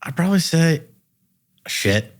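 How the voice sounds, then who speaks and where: A man with a Boston accent hosting a podcast in an easygoing, slangy way, with quick interjections. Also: fairly high pitch, sing-song. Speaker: podcast host. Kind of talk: casual podcast chat.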